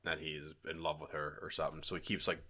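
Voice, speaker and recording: A man's voice: a bass voice, monotone, quick pace, sharp tone, husky. A man co-hosting a podcast, talking in a rambling, casual way and swearing freely. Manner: rambling, profane, mimics his friend. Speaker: podcast co-host. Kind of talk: casual chat.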